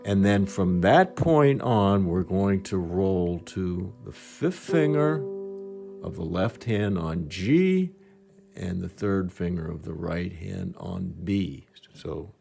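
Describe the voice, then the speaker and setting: A man's voice: low-pitched, expressive, takes it slowly, creaky. A man teaching a piano lesson step by step, patiently counting beats aloud as he demonstrates, with piano notes behind him.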